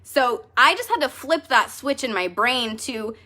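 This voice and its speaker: A woman's voice: a little high, expressive, a little slow, sharp tone. A woman leading a direct sales team, talking casually to her team in a vlog. She is choked up and tearful, laughing at herself through the tears. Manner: emotional, self-deprecating, laughing through tears. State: tearful, choking up.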